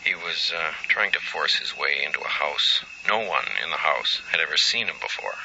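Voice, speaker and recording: A no-nonsense colleague with a very deep voice and a forceful, sharp edge. He reports facts flatly over a dull line with faint room hum behind him. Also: normal speed, gravelly, exaggerated voice. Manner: matter-of-fact, dry reporting. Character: brisk male hospital colleague on the phone. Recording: dull sound with faint ambience.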